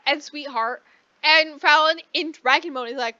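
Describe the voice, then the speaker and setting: High bright-voiced woman rambling through a recap. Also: no echo. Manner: rambling, swearing, acts out characters in quick asides. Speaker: podcast co-host. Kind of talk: casual book recap. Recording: dull lo-fi dry recording.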